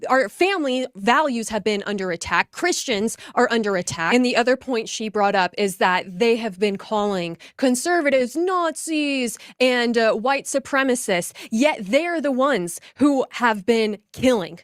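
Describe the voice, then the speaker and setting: A woman's voice: on the high side, lively intonation, unhurried, hardly any pauses, no echo, studio quality. A woman hosting, commenting on played clips with emphatic, sarcastic, mocking asides. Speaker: host.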